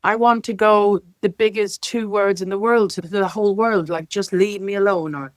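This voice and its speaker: Speaking at a moderate pace in a medium pitch, a middle-aged woman from Ireland, a leader in the care sector, tells animated stories on a podcast and performs the dialogue within them. There's no room sound.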